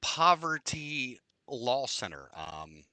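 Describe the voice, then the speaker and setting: Guest, male, animated storyteller, very bright forceful voice, dry close mic. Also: mid-range voice, slow, dry recording. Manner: animated storyteller, swings from loud to quiet. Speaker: podcast guest. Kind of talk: casual chat.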